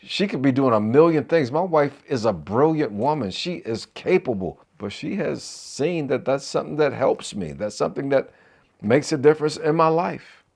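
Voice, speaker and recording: A man's voice: mid-range voice, animated, moderate pace, gravelly, a little mellow. A middle-aged man speaks as a marriage coach in an encouraging talk to camera. His voice sits in a medium register, and he slips into preacher-like asides that call on the listener to answer back.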